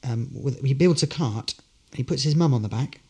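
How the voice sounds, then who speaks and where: A man's voice: mid-range voice, normal speed, dark tone, breathy edge. An actor, a man, telling good-humoured, rambling anecdotes as a guest in a casual interview.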